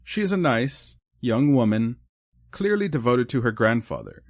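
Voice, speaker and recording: A man's voice: medium pitch, big pitch swings, normal speed, no room sound, clean studio sound, voice pushed up. A man voicing a lonely, proper older woman in an audiobook, formal and hesitant in speech. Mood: wistful, formal. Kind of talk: audiobook character voice.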